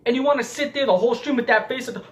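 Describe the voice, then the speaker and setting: A man's voice: very high-pitched, very fast. A man ranting angrily on camera, heated, profane and mocking. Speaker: YouTube commentator. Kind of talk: angry ranting commentary.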